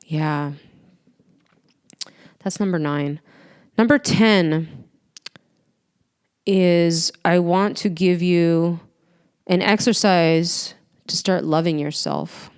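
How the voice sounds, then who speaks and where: A woman speaks earnestly and warmly to her listeners in a motivational talk. Her voice is smooth and clear and sits a little low for a woman. She talks heartfelt and direct, pausing as she goes. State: tearful at times. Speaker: host.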